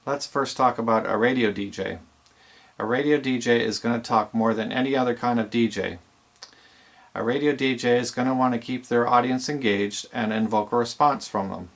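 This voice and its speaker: In an instructional video, a man with a steady, medium-pitched voice talks at normal speed. As a DJ instructor, he explains things plainly to aspiring DJs, with a few fillers.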